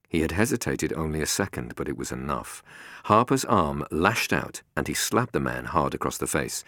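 A male narrator reading an audiobook in a measured, expressive manner. His voice is extremely deep yet lively in pitch. The recording is dry and close. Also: dry recording. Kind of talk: scripted narration.

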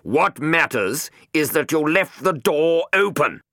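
A menacing, quick-tempered villain with a cutting, raised delivery, as a male narrator voices him. The voice sits very low but swings widely. The sound is dry and close. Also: very animated, a bit bright, dry recording. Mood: furious.

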